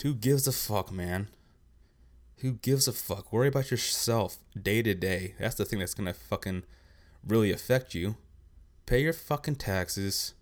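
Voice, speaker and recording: A young man hosting a podcast, ranting bluntly in a casual, profane way. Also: lowish voice. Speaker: podcast host. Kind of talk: casual rant.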